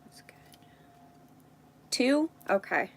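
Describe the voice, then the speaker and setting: A woman's voice: drawn-out words, low-quality recording. A woman hosting a casual live stream, thinking aloud as she works and chatting with viewers. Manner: thinks aloud while working, chats with viewers.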